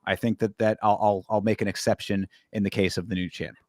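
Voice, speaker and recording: A man's voice: fairly low pitch, flat delivery, a little mellow, dry recording, clean studio sound. Easygoing man hosting a fight podcast. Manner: easygoing, hedging, quick asides. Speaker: podcast host. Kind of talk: casual sports chat.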